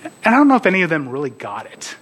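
Man, pastor, conversational sermon, bright forceful tone, slightly high pitch. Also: wildly swooping pitch, fast, breathy edge, low-quality recording. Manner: conversational preaching, dropping to a near whisper for quoted lines.

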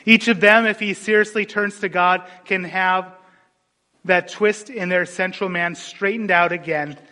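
A man preaching a sermon, animated and storytelling, dropping suddenly into quiet asides. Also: high-pitched, measured pace. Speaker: pastor. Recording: long hall reverb.

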